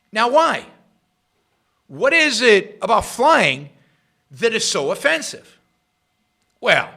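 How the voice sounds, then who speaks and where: A middle-aged man hosting his own show, giving sarcastic political commentary that swings between loud jabs and muttered asides. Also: sits high, gravelly. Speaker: podcast host.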